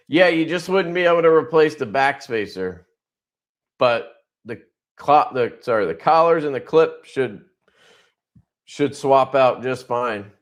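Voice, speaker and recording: Rambling, swearing man on a livestream. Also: mid-range voice. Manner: rambling, profane, laughs often. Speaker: livestream host. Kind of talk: casual livestream chat.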